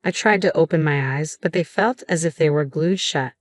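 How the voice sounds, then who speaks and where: Low-voiced woman narrating a story. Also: normal speed, dry recording, clean studio sound. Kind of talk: scripted first-person story narration.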